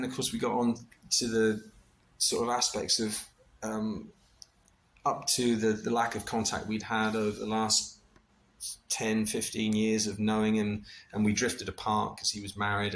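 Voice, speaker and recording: A middle-aged man casually recounting a personal experience, animated and full of restarts, with laughter and the odd swear. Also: on the low side, creaky, slight background noise. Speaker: vlogger recounting a ceremony experience.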